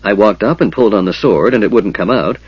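A man voicing a cheerful, excitable little male kender in an audiobook, husky and high, rattling on eagerly. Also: quick pace, no room sound, dull audio. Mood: delighted. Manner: high, eager, breathless chatter.

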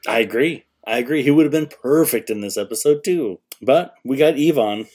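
A man's voice: mid-range voice, fairly quick, a little mellow. A man co-hosting a podcast in casual chat, agreeable and often laughing. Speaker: podcast co-host.

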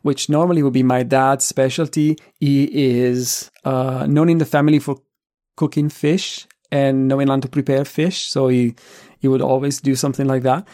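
A man hosting a podcast, talking in a relaxed way with frequent pauses and fillers. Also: mid-range voice. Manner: relaxed, thoughtful, many fillers. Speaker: podcast host. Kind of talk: casual conversation.

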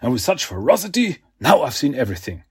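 A man voicing a scheming male cartoon villain who speaks in a quick, sneering way. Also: medium pitch, big pitch swings, husky, no echo, studio quality, exaggerated voice. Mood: sardonic.

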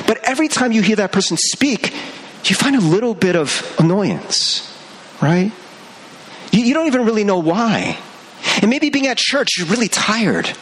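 A young male pastor giving a sermon in an animated, conversational way, laughing between points and talking straight to the congregation. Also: sits high.

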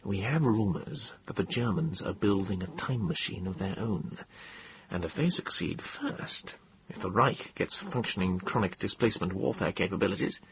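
Man doing a persuasive middle-aged official, low husky voice, earnest and lecturing, dry lo-fi sound. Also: animated, moderate pace, a little hiss or hum. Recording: dull lo-fi dry audiobook.

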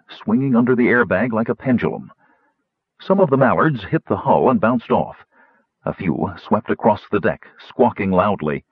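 A man narrates a storybook with a low, husky voice that swings widely in pitch. The recording is dry and a little dull, as if from a close mic in a small treated room. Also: no echo. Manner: lively, voicing characters higher. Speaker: audiobook narrator.

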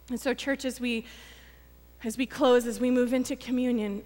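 A woman's voice: on the high side, fairly even intonation, measured pace. A woman pastor giving a conversational sermon, telling stories with acted quotes and self-deprecating humor. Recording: long reverb of a church hall.

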